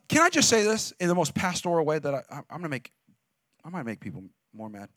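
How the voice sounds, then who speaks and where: A man preaching a sermon as a pastor, in a conversational, emphatic way with lots of "like", rising at times to shouts. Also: fairly high pitch, wildly swooping pitch, fast talker, no room sound, clean studio sound. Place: church.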